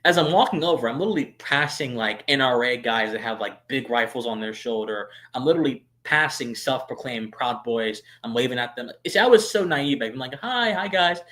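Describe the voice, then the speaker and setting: A man in the middle of his pitch range chats through a long personal story for his live stream viewers. He talks in a loose, animated way, full of fillers and restarts. His level swings from murmured asides to sudden loud bursts. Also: brisk, hardly any pauses. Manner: chatty, many fillers and restarts. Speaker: streamer and show host.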